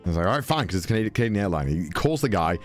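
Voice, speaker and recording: A young British man tells a travel anecdote in a casual, animated way. His pitch swings widely, jumping into high squeaks when he acts out his own panic, and he swears freely. Faint music plays underneath. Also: racing. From Britain. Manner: swearing, mimics voices, high-pitched exclamations. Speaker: podcast storyteller.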